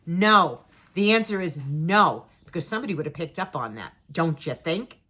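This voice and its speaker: Animated middle-aged woman telling a story. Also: fairly low pitch, normal speed. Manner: animated, dramatic, acts out her own and others' lines; repeats words for emphasis. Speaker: vlogger telling a personal story. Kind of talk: casual storytelling to camera.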